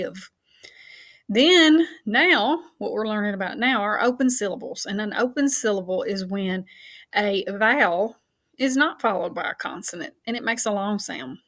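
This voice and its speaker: A woman teacher giving a recorded phonics lesson for children, patient and encouraging, spelling and counting out slowly and laughing off her own slips. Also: medium pitch, fairly bright tone.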